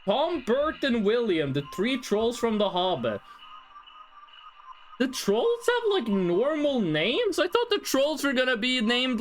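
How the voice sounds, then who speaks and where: Slow, thinking-aloud game streamer. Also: mid-range voice. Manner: thinks aloud, chatty, swears casually. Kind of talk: casual game commentary. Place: at home.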